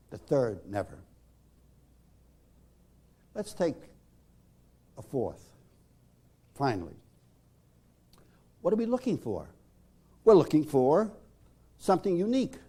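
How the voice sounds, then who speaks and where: A male therapist lectures in a measured, emphatic way, leaning on dramatic pauses. His voice sits a bit high and moves with a lively rise and fall. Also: slightly rough. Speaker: psychotherapist.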